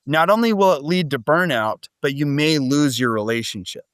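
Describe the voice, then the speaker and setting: A man speaking as a podcast guest, telling stories in a loose, animated way, full of "like" and "right?". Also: fairly high pitch, normal speed, clean tone, no room sound, clean studio sound. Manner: animated storytelling, frequent "like" and "right?". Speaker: podcast guest, business coach. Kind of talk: casual interview talk.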